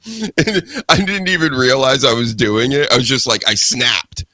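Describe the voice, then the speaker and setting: A man's voice: medium pitch, unhurried, dry recording. A man hosting a wrestling talk podcast, ranting casually with a lot of swearing. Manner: profane, animated ranting. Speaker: podcast host.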